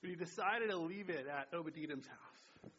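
A man's voice: fairly high pitch, moderate pace, fairly bright tone, slight background noise. A man preaching a sermon and praying aloud, chatty and casual, often checking in with "right?" and "you know". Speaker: pastor. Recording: dull lo-fi sound.

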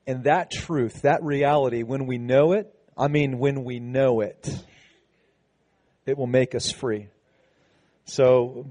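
A man's voice: medium pitch, a little mellow. A man, a pastor, giving a sermon in a conversational, preaching way, with frequent restarts and emphatic passages.

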